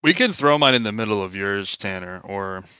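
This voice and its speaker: A game master recapping his tabletop sessions in an easy, chatty way, full of fillers and laughs. His voice is bright and forceful, and the recording sounds muffled and lo-fi in a dry space with no room echo. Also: lowish voice, normal speed, clean tone. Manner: laughing, animated storytelling with many fillers.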